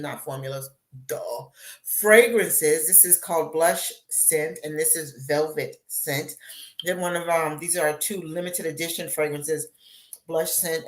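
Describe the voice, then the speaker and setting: A woman hosting a live show as a beauty consultant, chatting casually with viewers and acting out little asides. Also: lowish voice. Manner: chatty, animated, acts out voices in asides.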